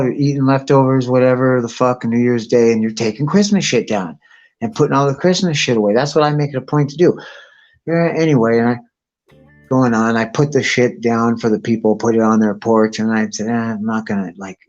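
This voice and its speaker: A man's voice: medium pitch, brisk, muffled recording, faint music behind. A man hosting a live stream, telling rambling profane stories in a casual chat. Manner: crude, rambling, animated storyteller. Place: home, outdoors nearby.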